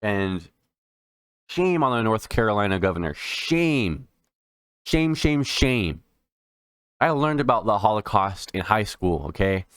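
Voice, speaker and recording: A man hosting a solo political commentary show, talking in an indignant, halting way with many restarts and repeated words, and audibly emotional, close to tears. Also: lowish voice, animated, fairly bright tone, clear, resonant tone, no room sound.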